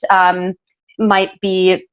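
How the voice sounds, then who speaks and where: A woman's voice: mid-range voice, completely flat delivery, extremely slow, clear, resonant tone, highs cut off. A woman hosting a podcast interview, talking in an earnest, casual way with many fillers and self-corrections. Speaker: podcast host interviewing a guest.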